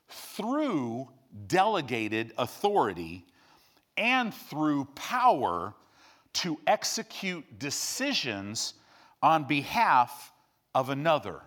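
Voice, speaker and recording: Lively high-voiced male preacher. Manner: animated storytelling with acted-out quotes. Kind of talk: sermon.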